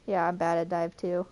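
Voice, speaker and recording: A woman's voice: lowish voice, dark tone. A woman co-commentating a live esports match, chatty and giggly.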